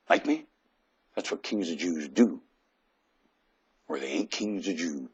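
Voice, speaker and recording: A man delivering a preachy ranting monologue into a webcam at home, jumping between shouted outbursts and low mutters and firing rhetorical questions at the listener. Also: lively intonation, measured pace, long pauses, breathy edge. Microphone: webcam microphone.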